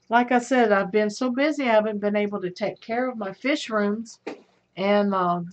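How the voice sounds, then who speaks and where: On dull, lo-fi stream audio, a middle-aged livestream host talks with her viewers and reads out their comments, calling them sweetheart and honey. Her pitch is fairly high and her tone fairly bright.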